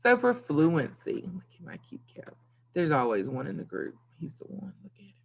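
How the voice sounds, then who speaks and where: A woman's voice: low voice, big pitch swings, normal speed, vocal fry. A woman teacher giving a recorded video lesson to young pupils, upbeat and playful with sing-song emphasis. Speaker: elementary school teacher.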